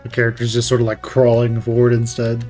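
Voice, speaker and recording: A man's voice: medium pitch, monotone, fast talker, darkish tone, faint music behind. Wry, jokey male game streamer. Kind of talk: casual game commentary.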